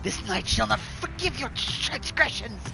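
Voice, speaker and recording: A man's voice: high-pitched, expressive, unhurried, vocal fry, voice pushed up, heavily acted. A man voicing a haughty, formal male worm knight who declaims his words, over game music. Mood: indignant.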